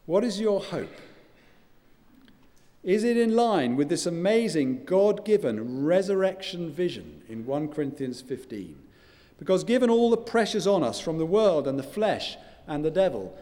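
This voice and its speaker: An older male pastor preaching in a mellow, warm voice. His delivery is earnest and measured, with quiet drops at the ends of phrases. Long church-hall reverb trails every line. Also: sits high, big pitch swings. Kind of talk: sermon.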